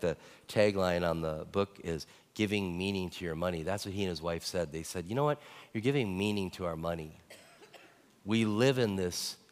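Male pastor preaching; low voice, lively storyteller, echoing sanctuary. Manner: animated storytelling, rising to excited peaks. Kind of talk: sermon. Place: church sanctuary. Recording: church hall reverb.

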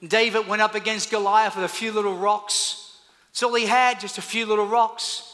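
High, bright-voiced preacher in a hall. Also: male voice, level tone, moderate pace. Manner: storytelling, swings from loud to quiet. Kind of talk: sermon. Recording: echoey hall.

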